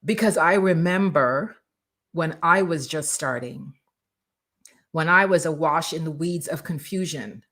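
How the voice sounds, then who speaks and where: Emphatic woman brand coach, lowish voice. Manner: energetic, emphatic, acts out quoted voices. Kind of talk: motivational coaching talk.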